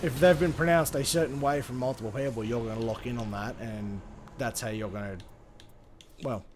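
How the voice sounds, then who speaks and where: A man's voice: medium pitch, brisk, noisy background. A young Australian man streaming a game, rambling and swearing casually as he answers chat between plays. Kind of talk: casual gaming livestream chat.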